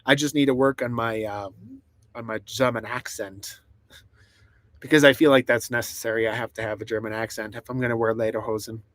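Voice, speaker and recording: A man's voice: mid-range voice, steady tone, a little fast, fairly bright tone, no room sound. Chatty man streaming from his camper. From United States. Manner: rambling, chatty, laughs often, reads chat aloud. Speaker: live streamer. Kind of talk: casual live stream chat. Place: inside a truck camper in the mountains.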